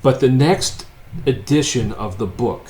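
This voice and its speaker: A man teaching a physics lecture in a casual, joking way, telling a story with wry asides before working through a problem. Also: a little slow. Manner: wry, joking storyteller, swings between loud and low asides. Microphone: unseen lecturer, voice-over of board work.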